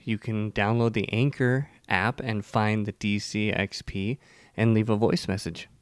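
A man co-hosting a casual podcast chat, easygoing and quick to laugh at his own jokes. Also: fairly low pitch, steady tone, clear, resonant tone, no echo, studio quality. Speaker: podcast co-host.

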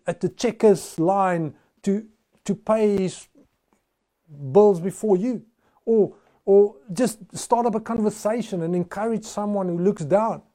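A man preaches a sermon in a high, soft and mellow voice. He tells stories in an easy, conversational way and often restarts his phrases mid-thought. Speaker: pastor.

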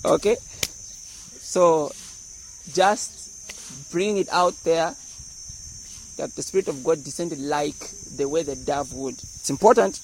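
Pastor, high male voice, lively teaching sermon with jokes, faint background hum. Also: slow, long pauses, low-quality recording. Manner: animated, explains verses with humor and acted-out voices.

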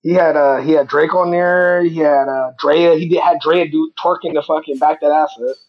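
A man's voice: fairly high pitch, fairly even intonation, moderate pace. Blunt young man on a dull mic. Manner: blunt, opinionated, swears casually. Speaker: podcast co-host. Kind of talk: casual chat.

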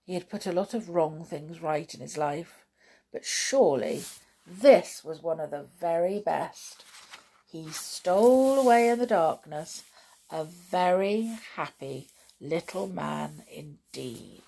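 A woman reading a children's story aloud as a podcast host, gentle and expressive. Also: on the low side, takes it slowly, creaky, slightly rough. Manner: gentle, expressive, chatty sign-off.

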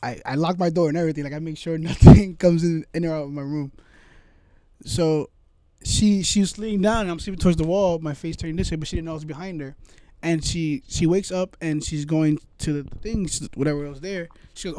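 A man with a somewhat raised voice talks casually with a friend. His delivery is animated and loose, and he peppers his story with swearing and "bro". It sounds like relaxed, unscripted chat. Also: on the high side, fairly quick, no echo. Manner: animated, swears a lot, says "bro" often.

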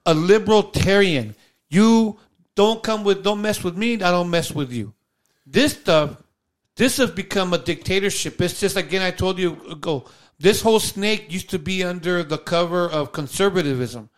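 High-pitched male co-host, animated and exasperated, casual rant. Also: moderate pace. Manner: animated, exasperated, mocking asides. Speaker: podcast co-host. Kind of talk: casual ranting chat.

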